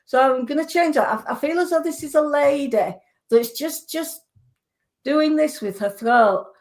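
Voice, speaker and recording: Earnest clairvoyant woman with a higher voice. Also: moderate pace. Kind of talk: giving psychic readings on radio.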